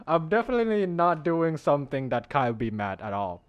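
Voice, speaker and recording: A man's voice: on the high side, very animated, brisk, few pauses, smooth, muffled recording. A man streaming a game, chatting casually with viewers and laughing often. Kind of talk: casual live-stream chat. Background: faint lofi background music.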